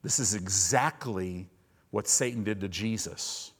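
A man's voice: on the low side, a little slow, slightly rough. Earnest male preacher. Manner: earnest, building from quiet intimacy to loud fervor. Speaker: pastor. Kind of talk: sermon.

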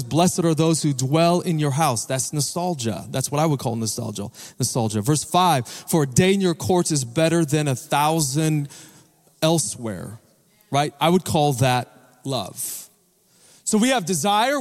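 Pastor preaching in a reverberant church. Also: male voice, fairly high pitch, a little mellow. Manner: engages the congregation with questions and calls for responses. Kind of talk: sermon. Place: church sanctuary. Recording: long reverb of a large church hall.

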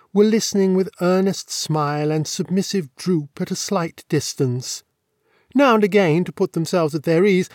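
A male narrator with a notably high voice reads a classic novel with measured, wry, elegant phrasing. The sound is dry and close to the microphone, with no room around it. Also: darkish tone, dry recording. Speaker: audiobook narrator.

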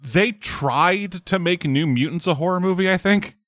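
A man's voice: high-pitched, moderate pace, fairly bright tone, no echo, studio quality. A man in casual chat about films, emphatic, swearing freely and stammering as he builds a point.

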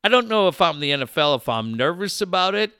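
A middle-aged man hosting a sports talk radio show, telling a rambling, animated story with many restarts. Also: high-pitched, fast, clean tone, no room sound, clean studio sound. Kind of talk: casual talk radio chat.

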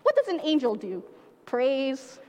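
A woman leading an interactive children's Christmas pageant in a church, playful and animated, coaxing listeners to join in. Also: high voice, a little slow, long reverb tail, dull audio. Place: church sanctuary.

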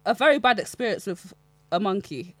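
A woman's voice: mid-range voice, animated, a little fast, no room sound. A young woman, telling a story animatedly and laughing as she chats. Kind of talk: casual chat, storytelling.

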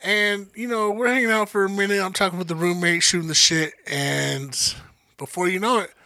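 Male co-host, fairly high, bright tone, dry close sound; relaxed, cussing storyteller. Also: fairly quick, no echo. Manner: profane, laid-back slang storyteller. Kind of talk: casual storytelling chat.

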